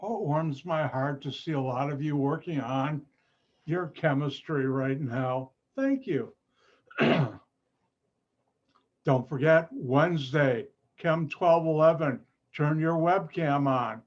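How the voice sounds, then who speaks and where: A chemistry professor with a voice on the high side and lively intonation takes a slow pace through his online class. He's patient, repeating points and adding playful asides, all heard through a computer mic on a video call in muffled, lo-fi sound.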